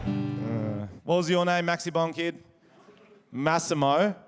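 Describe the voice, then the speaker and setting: A man's voice: fairly high pitch, lively intonation, slow pace, music in the background. A man with an Australian accent doing crude, brash stand-up comedy and crowd work on a stage before a live audience. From Wollongong, Australia. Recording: live show with audience noise.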